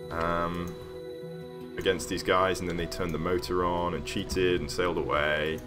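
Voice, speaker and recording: A man's voice: low voice, little pitch movement, unhurried. A man streaming casually as he builds a game level, telling a rambling story full of ums and self-corrections. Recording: streamed voice over background music. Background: background music.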